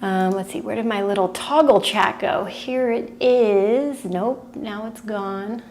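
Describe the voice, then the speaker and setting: Slow, chatty woman instructor. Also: mid-range voice, darkish tone, slight background noise. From California. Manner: chatty, giggly, greets viewers by name. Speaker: movement class instructor. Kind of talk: casual chat with livestream viewers.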